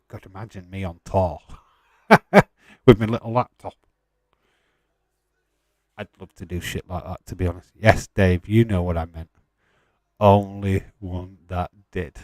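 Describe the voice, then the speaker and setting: A man's voice: low voice, dry recording. A man hosting a live watch-along stream, chatting casually, answering viewer questions with frequent laughs and the odd swear.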